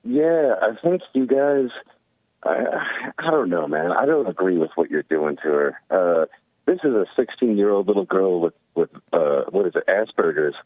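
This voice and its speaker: A man from California calls into a radio show, hesitant and worked up as he argues his point. His voice sits low but swings widely in pitch. He is heard over a thin, tinny phone line with a dry sound. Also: lively intonation, moderate pace, dry recording. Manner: emotional, hesitant, full of fillers. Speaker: caller. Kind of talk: call-in radio talk.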